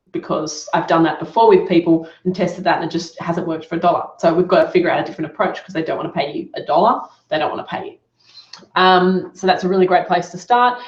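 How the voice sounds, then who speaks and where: Woman, business coach, upbeat, encouraging, live Q&A, roomy lo-fi recording. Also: lowish voice. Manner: upbeat, quick encouraging feedback. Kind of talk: live Q&A session. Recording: roomy, dull lo-fi sound.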